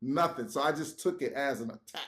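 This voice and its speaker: A man, a podcast guest, telling a story in casual talk, animated and laughing, swearing and acting out what people said. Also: medium pitch, a little fast.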